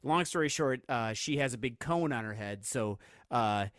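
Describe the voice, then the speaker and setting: Lively intonation marks this man's mid-range, fairly bright voice at a normal pace. Co-hosting a podcast, he rambles through casual chat with lots of fillers and restarts, laughing easily during his stories. It's studio quality with no echo.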